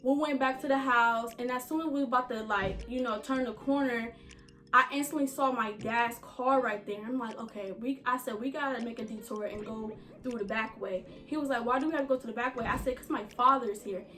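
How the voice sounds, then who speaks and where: A woman's voice: a little high, fairly quick, fairly bright tone. Chatty young woman telling a storytime. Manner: chatty, addresses viewers as y'all and you guys. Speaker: vlogger. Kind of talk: casual storytime.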